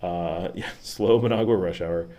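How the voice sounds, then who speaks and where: A man with a slightly low voice talks loosely through a live stream, drifting from one thought to the next. He fills pauses with lots of ums and likes, and laughs now and then. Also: warm tone. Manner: rambling, chatty, frequent fillers and laughs. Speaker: vlog host. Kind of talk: casual livestream chat. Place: at home in the city.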